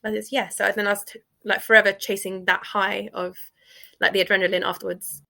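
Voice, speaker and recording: A woman's voice: mid-range voice, little pitch movement, a little fast, creaky, sharp tone. A young woman, a stand-up comedian chatting in an interview and laughing through her stories. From United Kingdom. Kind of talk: casual interview, with comic set excerpts.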